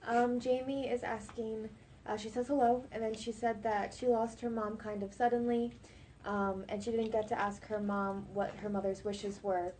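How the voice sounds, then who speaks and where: A woman's voice: on the high side, little pitch movement, moderate pace, darkish tone, a little hiss or hum, poor audio. Woman reading out viewer questions. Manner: plain, reads questions aloud with light fillers.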